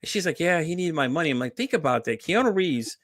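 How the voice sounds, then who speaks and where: A middle-aged man hosting a podcast, telling stories in a casual, animated way, acting out quoted voices and swearing freely. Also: fairly high pitch, quick pace, dry recording, studio quality. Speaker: podcast host.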